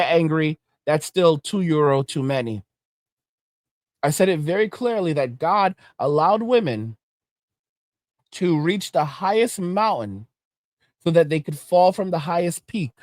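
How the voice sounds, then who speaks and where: A man rants and preaches as the host of an online commentary show, his voice sitting a little high for a man. He lectures with a mocking edge. The recording is dry and close, with no room sound. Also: a little mellow, no room sound.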